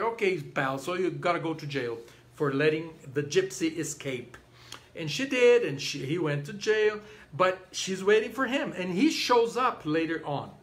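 Animated man giving an opera lecture. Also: sits high. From Brazil. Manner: animated, acts out characters, hums snatches of arias. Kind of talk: informal lecture.

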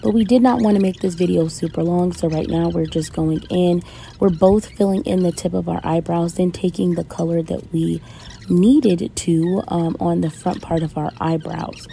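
A woman's voice: on the low side, fairly even intonation, normal speed, vocal fry, warm tone, slight background noise. A young adult woman giving a chatty, self-mocking voice-over. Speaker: co-host. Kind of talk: casual voice-over.

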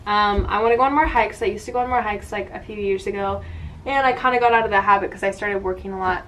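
A woman's voice: medium pitch, fast, a bit bright, slight background noise. A young woman chatting casually to camera at home, rambling with lots of "like" fillers. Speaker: vlogger. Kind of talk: casual chat.

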